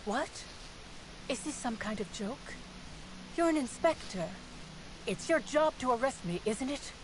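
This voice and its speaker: A woman's voice: high voice, lively intonation, unhurried, poor audio. An actress voicing a scheming, theatrical female cult leader in a video game, with a grandiose delivery. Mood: indignant. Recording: game audio with clear background noise.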